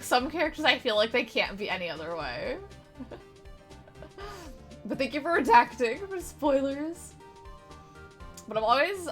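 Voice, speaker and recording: A playful woman streamer chatting with her viewers in a giggly, casual way. Her voice is bright and a little high, with a very animated pitch. Faint game music plays underneath. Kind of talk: casual gaming stream chat.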